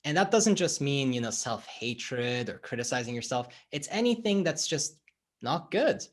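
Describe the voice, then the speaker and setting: Animated, expressive male life coach. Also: medium pitch, moderate pace. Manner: animated, acts out dialogue in stories. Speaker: life coach, interview guest. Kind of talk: conversational explanation.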